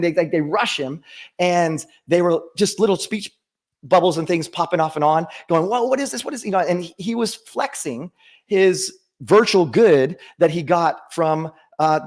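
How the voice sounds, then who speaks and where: A middle-aged man giving a conference talk with a personal story, earnest and full of restarts and fillers, into a stage microphone. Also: a little high. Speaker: conference speaker.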